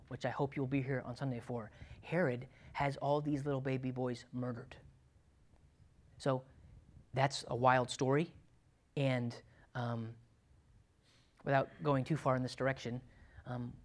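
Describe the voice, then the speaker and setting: A man preaching a sermon in an emphatic, conversational way, often checking in with "okay?" and "right?". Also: medium pitch. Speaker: pastor.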